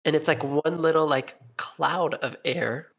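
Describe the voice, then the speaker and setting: A man's voice: fairly high pitch, a little slow, gravelly, fairly bright tone, husky. A man co-hosting a podcast in casual, playful chat, joking and laughing a lot. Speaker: podcast co-host.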